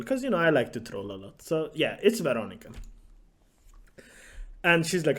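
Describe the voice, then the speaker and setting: A man's voice: on the high side, animated, moderate pace, a little mellow. A man telling a story in a casual vlog, sarcastic and profane, laughing often. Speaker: YouTuber.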